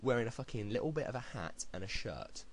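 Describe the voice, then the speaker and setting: A man's voice: medium pitch, big pitch swings, fast talker, slight background noise, rough recording. A British man delivering a heated, blunt opinion rant to camera, swearing freely. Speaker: video blogger. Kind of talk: ranting opinion commentary.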